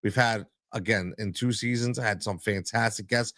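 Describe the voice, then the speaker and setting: A man's voice: fairly low pitch, fairly even intonation, moderate pace, fairly bright tone, dry recording, clean studio sound. A man hosting a solo sports podcast as a coach, talking emphatically and repeating his points for stress.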